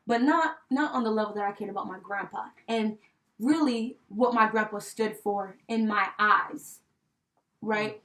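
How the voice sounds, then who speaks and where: A young woman co-hosting a podcast, telling a personal story in casual chat, heartfelt and animated, with many fillers like "you know" and "right?". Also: medium pitch. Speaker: podcast co-host. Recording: voice a bit distant from the mic.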